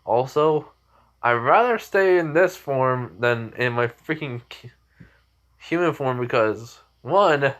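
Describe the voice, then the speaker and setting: A man's voice: medium pitch, expressive, slow pace, a bit bright. A man voicing an annoyed, blunt teenage boy ninja in demon form, in a casual fan retelling.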